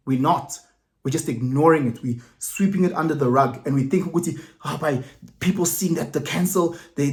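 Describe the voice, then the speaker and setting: A man with a South African accent, talking casually to camera as a vlogger, animated, repeating words and restarting, with Zulu phrases mixed in. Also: mid-range voice. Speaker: vlogger commenting. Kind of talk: casual opinion monologue.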